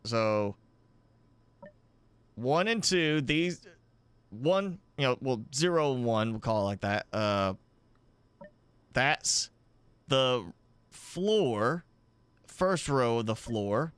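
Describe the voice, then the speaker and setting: Slow, smooth-voiced man thinking aloud. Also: mid-range voice, lively intonation, no echo. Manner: thinking aloud, halting and self-correcting. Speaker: streamer. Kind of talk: live gameplay commentary.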